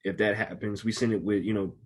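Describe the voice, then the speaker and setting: A man with a low, husky voice co-hosting a casual podcast. He speaks earnestly and presses his points with emphasis. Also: steady tone, brisk. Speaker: podcast co-host. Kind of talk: casual chat.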